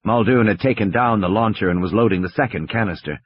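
A man narrating an audiobook thriller with expressive, dramatic storytelling. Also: fairly low pitch, quick pace, husky, no room sound. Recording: dry, slightly dull audiobook recording.

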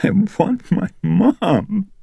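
A man's voice: mid-range voice, very animated, very slow, vocal fry, mellow, husky, dry recording, voice pushed up, full character voice. A man voicing a tearful frightened little girl. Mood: tearful pleading. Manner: tearful, pleading.

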